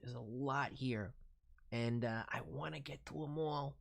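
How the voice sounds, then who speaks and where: A man's voice: mid-range voice, unhurried, vocal fry. A man on a live stream voicing viewers' characters, talking in a playful, rambling way with quirky grammar. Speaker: voice director streamer.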